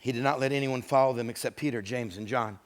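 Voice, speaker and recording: A male pastor delivering a sermon, retelling scripture stories with acted-out voices, moving between hushed, intimate moments and loud, emphatic ones. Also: mid-range voice, fast. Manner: dramatic storytelling, acting out voices of scripture figures.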